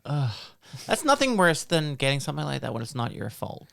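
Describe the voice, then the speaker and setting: A man's voice: mid-range voice, sing-song, a little fast, creaky, a bit bright. A man with an Australian accent, co-hosting a podcast, laid-back with dry reactions and reading text aloud. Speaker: podcast co-host. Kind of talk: casual chat, reading aloud.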